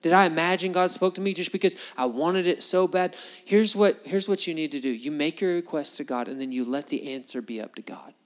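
A man preaching a sermon to a congregation, conversational and animated, full of rhetorical questions. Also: on the high side, a little fast, hardly any pauses, long reverb tail. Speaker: pastor. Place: church hall before a congregation.

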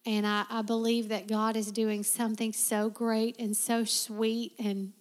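A woman's voice: a little high, fairly even intonation, unhurried. A woman preacher giving a heartfelt sermon and prayer in a church, with a repetitive preaching cadence. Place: church sanctuary. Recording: long reverb of a church hall.

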